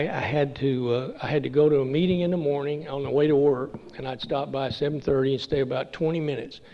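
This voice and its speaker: An older man from Texas giving a halting, folksy personal testimony at a recovery meeting. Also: medium pitch, vocal fry. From Texas, USA. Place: meeting room. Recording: dull lo-fi recording with long hall reverb.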